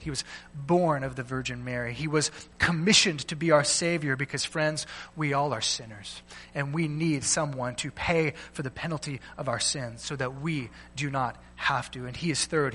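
Bright-voiced preacher in a reverberant hall. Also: male voice, mid-range voice. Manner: emphatic preaching, swells loud then drops soft; repeats words while speaking. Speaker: pastor. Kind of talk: sermon. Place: church sanctuary.

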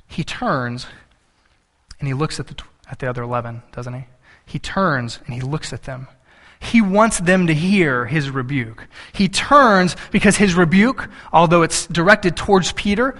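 A high-voiced man preaching, who drops into lower, hushed voices to act out the disciples. He laughs often, slows right down to stress a point and rushes through his asides. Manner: slows down for emphasis, speeds up in asides. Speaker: pastor. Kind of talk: sermon with dramatized retelling.

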